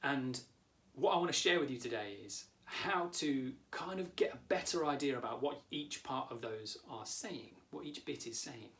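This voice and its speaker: A man in his thirties leads a coaching lesson as a therapist. He talks calmly and directly to the viewer at a medium pitch. His delivery is steady and explanatory. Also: moderate pace.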